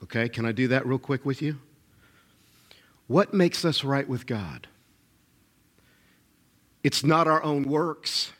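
A man's voice: mid-range voice, slow, long pauses, a bit bright. A middle-aged man preaching a sermon as pastor, emphatic and repetitive, calling out to his congregation for responses.

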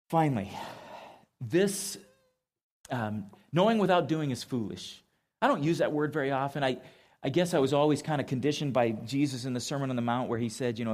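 A man of middle pitch preaching in a church, talking to his congregation as a pastor. His sermon feels like a casual chat, with quick questions tossed out to the listeners. He leans on emphatic repetition to drive home his points. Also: darkish tone. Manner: casual and emphatic, quizzes the audience. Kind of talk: conversational sermon.

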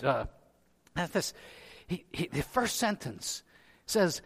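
A man preaching a sermon as pastor, asking rhetorical questions and rising to loud emphasis. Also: a little high, very animated, slow, gravelly, long pauses, breathy edge, long reverb tail. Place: church sanctuary.

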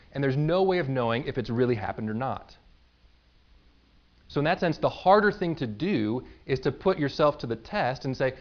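A man preaching a sermon in a conversational way, explaining with everyday examples and quick asides. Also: medium pitch, animated, lo-fi sound. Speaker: pastor.

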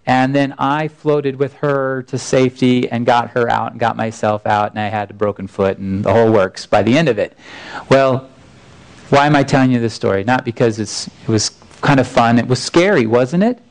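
Earnest pastor, smooth-voiced. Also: male voice, mid-range voice, moderate pace, poor audio. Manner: earnest, folksy, with frequent restarts. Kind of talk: conversational sermon storytelling.

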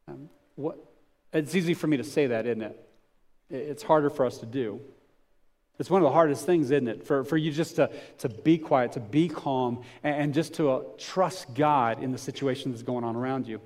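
A pastor preaching a sermon to his congregation in a conversational way, swelling to emphatic points and dropping to softer reflective stretches. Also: mid-range voice, normal speed. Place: church before a congregation.

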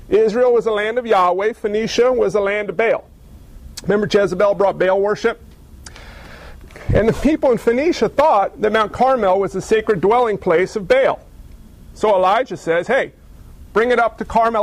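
A male pastor with a notably high voice delivers a lively sermon. He tells the story with humor and slips into mocking character voices. The sound is dry and close. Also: dry recording.

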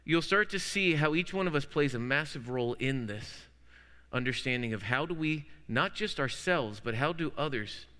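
A man's voice: medium pitch, animated, moderate pace, pushed and bright, clean tone. A man preaching a sermon as pastor, telling classroom anecdotes with playful wordplay. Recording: long hall reverb.

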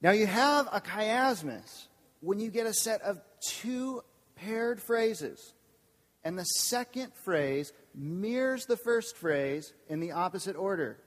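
A man preaching as a campus pastor, lively and engaging, often asking the congregation questions. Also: sits high, slow. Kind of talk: sermon. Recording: long hall reverb.

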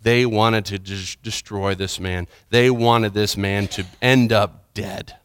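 A man preaching a sermon, retelling a scripture story with dramatic swings from urgent, loud passages to hushed, quiet ones. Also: lowish voice, steady tone, takes it slowly, clean tone, dry recording, studio quality.

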